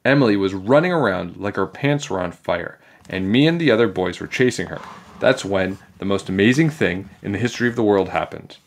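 A man reading a children's chapter book aloud in a playful, animated way. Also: low voice, a little fast, vocal fry. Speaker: storybook reader.

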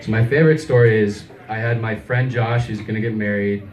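Low-voiced male comic, rambling and self-deprecating, heard from a distance in an echoey club. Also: fairly even intonation, brisk, darkish tone. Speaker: stand-up comedian. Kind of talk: open mic stand-up set. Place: small comedy club stage. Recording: echoey club, mic far off.

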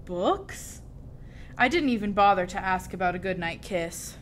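A woman reading a children's story aloud with expressive, lively storytelling. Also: mid-range voice, fairly quick, a little hiss or hum. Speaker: storybook reader.

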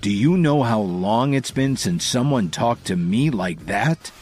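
A male narrator voicing a menacing crime lord who snarls slow, cold threats in an audio story. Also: mid-range voice, animated, a little mellow, soft background music.

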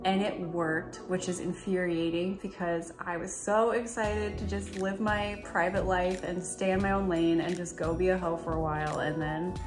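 Chatty young woman, heartfelt and tearful. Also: on the low side. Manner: chatty, heartfelt, laughs through tears. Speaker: girlfriend telling their story. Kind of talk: casual direct-to-camera talk.

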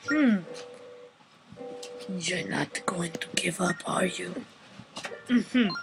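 A woman voicing a frail, grumbling old grandfather in a breathy whispered role-play. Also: lowish voice, expressive, drawn-out words, heavily acted, rough recording. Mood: grave. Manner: fussy, grumbling elder. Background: game music.

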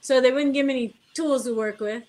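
A woman's voice: high-pitched, a little fast. A middle-aged woman, a guest car builder, telling anecdotes in a casual interview and acting out the dialogue. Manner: animated anecdote telling, acts out dialogue, laughs often.

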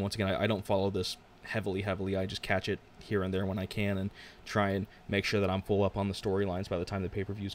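A man's voice: lowish voice, slight background noise. A young man reviewing wrestling on his own in a casual, rambling way, often restarting sentences and giving frank opinions. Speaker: podcast host reviewing wrestling.

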